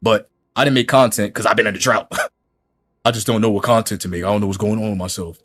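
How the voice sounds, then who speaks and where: On his YouTube gaming channel, a man reacts to a critic's clip with a mocking, combative rant. His voice is fairly low and a bit bright, with a steady tone, and he talks fast.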